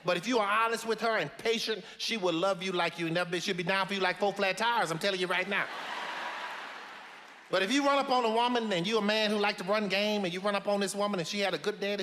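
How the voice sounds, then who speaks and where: An actor playing a blunt, preachy elderly grandmother with a loud, sassy drawl full of folksy sayings. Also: high-pitched, steady tone, quick pace, big-room sound, a little hiss or hum. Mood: sassy lecturing. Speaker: advice-giving matriarch. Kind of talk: film comedy-drama acting.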